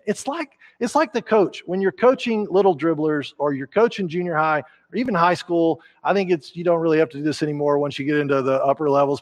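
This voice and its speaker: A pastor delivers a relaxed, conversational sermon from the pulpit of a church. His voice sits a little high for a man, and he grows lively and animated as he acts out the lines he quotes. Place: church sanctuary.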